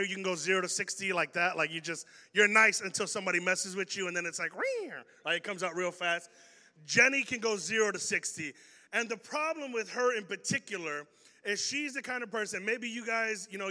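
A young man giving a storytelling youth talk to a live audience, animated and joking and speaking straight to the crowd. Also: high-pitched, in a large hall.

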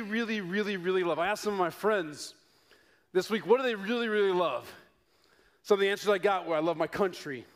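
A middle-aged man from Denver preaching a sermon to his congregation, telling stories with playful asides and mounting excitement. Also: high voice. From Denver, United States. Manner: animated storytelling with rising excitement and playful asides. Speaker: pastor.

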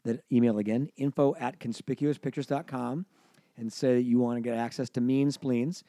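A man's voice: mid-range voice, steady tone, warm tone, no room sound. A man, a film producer guest, riffing and rambling in a casual comedic chat. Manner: rapid, rambling, riffing on bits.

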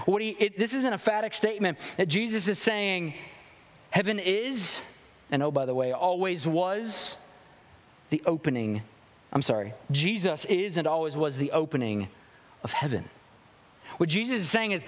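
A man's voice: sits high, animated, normal speed, in a large hall. A man pastor giving a sermon, reading scripture and preaching with emphatic rises and drops.

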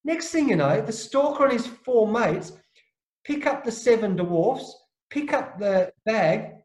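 Guest: emphatic man from Australia, high-pitched, recorded in a roomy space, colourful anecdotes. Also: unhurried. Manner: lively, emphatic storyteller, slangy. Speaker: guest, former cricketer. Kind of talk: animated anecdote telling. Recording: roomy echo.

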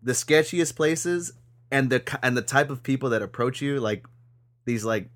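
A man's voice: medium pitch, fairly bright tone. A young adult man chatting loosely on a podcast, swearing often and restarting his sentences. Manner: swears a lot, halting restarts, loose slang. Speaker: podcast co-host. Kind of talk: casual chat.

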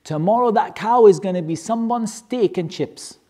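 Religious teacher, animated storyteller, mid-pitched, joking, lively rhetorical questions. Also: moderate pace. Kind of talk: storytelling lesson to a class.

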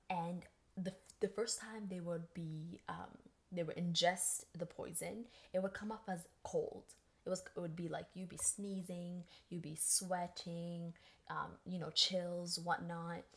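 A woman's voice: fairly low pitch, fairly even intonation, normal speed, gravelly. A woman hosting a podcast, telling a story in a casual, chatty way and acting out quoted voices. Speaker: podcast host.

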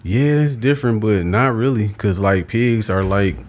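A man with a fairly low voice, riffing in casual conversation. He laughs often and swears freely as he builds his points. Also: normal speed, a little mellow, slight background noise. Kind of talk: casual chat.

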